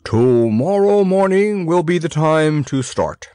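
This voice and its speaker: A man's voice: on the high side, animated, takes it slowly, warm tone, no echo, voice pushed up. Pudge, a pompous old wise man, as a man reads him. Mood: solemn. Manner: solemn, self-important pronouncements.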